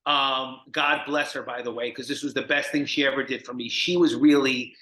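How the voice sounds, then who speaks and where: Guy from jersey telling a story on a video call, bright and a bit high, room echo. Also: moderate pace. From New Jersey. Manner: animated, acts out the people in his stories. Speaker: guest, recovery mentor. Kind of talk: storytelling in an interview. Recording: echoey room.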